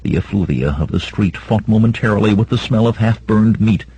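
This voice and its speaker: A man's voice: on the low side, brisk, breathy edge, low-quality recording. A man narrating an audiobook in a dramatic reading style. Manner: dramatic, voices shouts of characters. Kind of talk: scripted narration.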